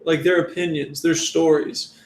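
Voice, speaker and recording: A man's voice: a little high, flat delivery, normal speed. A young man co-hosting a casual commentary chat, rambling and joking in a laid-back way. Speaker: podcast co-host. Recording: echoey room.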